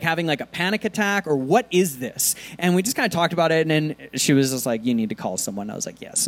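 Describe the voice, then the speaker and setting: Animated, chatty male preacher. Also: on the high side. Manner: conversational, animated preaching with many fillers. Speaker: pastor. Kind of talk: sermon.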